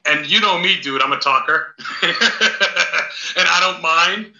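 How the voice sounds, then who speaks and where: A man, a paranormal investigator, chatting as a podcast guest, telling stories in an excitable, rambling way with casual swearing. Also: on the high side, slow, gravelly. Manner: excitable rambling storyteller, swears, calls host dude and big dog. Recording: roomy, dull lo-fi sound.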